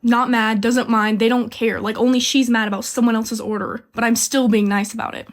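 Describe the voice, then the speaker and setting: Fast-talking young woman telling a storytime. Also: fairly high pitch, steady tone. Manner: chatty, fast, full of "like", quoting people with indignation. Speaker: storyteller recounting a job as a cashier. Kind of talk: casual storytime narration.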